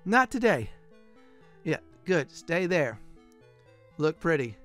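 A man's voice: a little high, lively intonation, measured pace, pauses often, smooth, faint music behind. Casual man hosting a game playthrough. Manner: casual, rambling, many fillers. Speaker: gaming channel host. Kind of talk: let's play commentary.

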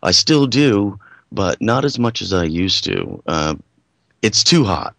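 Deep gravelly guy from new york, radio producer, rambles and stumbles through his points, dry close sound. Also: very animated, fairly bright tone, no room sound. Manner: rambling, halting, lots of filler. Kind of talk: casual live radio chat.

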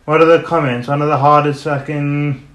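Casting: excitable podcast host, slightly high male voice, roomy echo, music behind. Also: moderate pace. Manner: excitable, swears freely, hypes tracks. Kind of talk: casual music reaction chat. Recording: echoey room, music playing.

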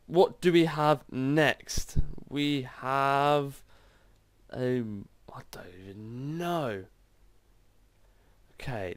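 High-voiced guy yelling at a video game, dry mic, super excitable. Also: no echo. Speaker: gaming channel host. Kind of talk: gameplay commentary.

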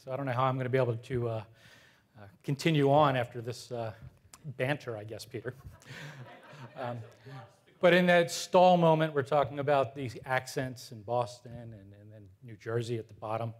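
A man's voice: medium pitch, moderate pace. A man in his fifties giving a conference talk to an audience, loose and conversational with many filler words and light self-deprecating humor. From United States. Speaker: conference presenter.

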